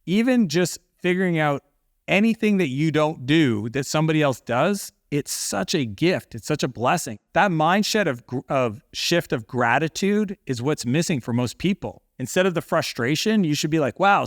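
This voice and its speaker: A man's voice: on the high side, expressive, normal speed, no echo, clean studio sound. Earnest man talking business mindset. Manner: earnest, reflective, filler-heavy. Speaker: guest, business owner. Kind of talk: casual interview talk.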